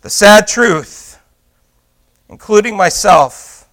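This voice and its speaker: High-voiced, bright man preaching a sermon. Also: slow pace. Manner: swings from loud emphatic preaching to hushed intimate asides; rhetorical questions to the congregation. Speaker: pastor.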